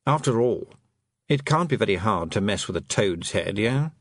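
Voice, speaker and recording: A man's voice: lowish voice, lively intonation, normal speed, no echo, studio quality. A man voicing an anxious talking toad who rambles and frets. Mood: fretful. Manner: rambling, fretful, musing. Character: anxious talking toad, once maybe human.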